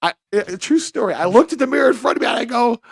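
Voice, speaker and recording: A man's voice: extremely high pitch, lively intonation, racing, gravelly, slightly rough, dry recording, studio quality. A man telling crude, rambling stories on a podcast, often laughing at himself. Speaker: podcast co-host. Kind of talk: casual chat.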